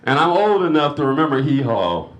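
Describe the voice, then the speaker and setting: A man's voice: a little high, sing-song, brisk, fairly bright tone. A middle-aged man from North Carolina, doing a live stand-up set and acting out the voices in his stories. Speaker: stand-up comedian. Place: stage at a lodge hall.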